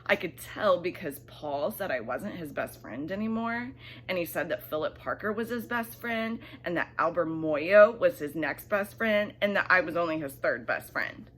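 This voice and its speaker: A woman reads a bedtime story aloud in a lower voice that swoops up and down with animated expression. She drops into soft, hushed asides. Faint background noise sits under the recording. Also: moderate pace.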